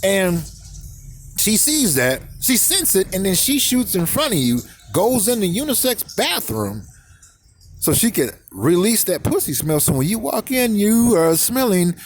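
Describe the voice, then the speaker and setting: Animated ranting man, swooping pitch. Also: a little hiss or hum. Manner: crude and animated, repeats words rapid-fire, mimics voices and sound effects. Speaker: vlogger. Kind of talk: ranting comedic monologue.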